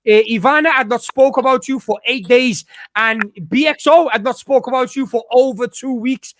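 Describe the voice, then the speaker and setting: A man's voice: extremely high pitch, normal speed, slight background noise. A man hosting a stream, ranting in casual chat, swearing and often restarting his sentences. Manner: rambling, profane, with frequent restarts. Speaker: streamer host.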